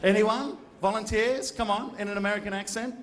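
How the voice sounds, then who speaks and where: A man's voice: high voice, fairly even intonation, a little fast. A man hosting a live event, teasing and bantering with guests and audience. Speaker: event host. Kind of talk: emceeing a live audience show. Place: event function room. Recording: echoey event hall.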